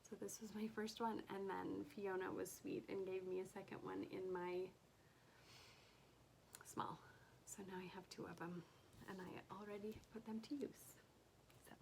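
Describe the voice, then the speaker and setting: Casual vlogger woman, soft and gushing, slips into whispers, slightly gravelly tone. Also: mid-range voice, a little hiss or hum, poor audio. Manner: gushing, soft-spoken, often drops to a whisper. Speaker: cross stitch vlogger. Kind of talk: casual haul chat.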